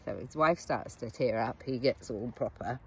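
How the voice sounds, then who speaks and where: A woman's voice: very deep voice, moderate pace, darkish tone, a little hiss or hum. A middle-aged woman, a therapist and coach, tells a story to the camera in a blunt, frank way, swearing casually and asking the viewer questions. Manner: direct address to the viewer with questions.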